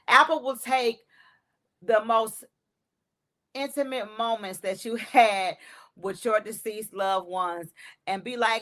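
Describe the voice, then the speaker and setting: A woman's voice: fairly low pitch, slow, fairly bright tone. A woman comedian hosting her own podcast, talking in a heartfelt, emotional way with many fillers. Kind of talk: personal podcast monologue.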